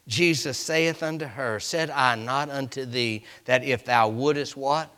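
A man preaching with a bright, forceful voice and an unhurried, deliberate delivery. He drops into hushed whispers, then builds to ringing shouted peaks, and reads old-fashioned scripture aloud. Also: medium pitch, smooth. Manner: dramatic, swings from whispers to shouted climaxes; reads scripture aloud in King James wording. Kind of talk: sermon.

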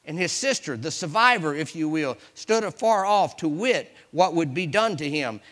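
A man preaching a sermon, retelling scripture as an animated storyteller with exclamations. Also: fairly high pitch, normal speed, big-room sound.

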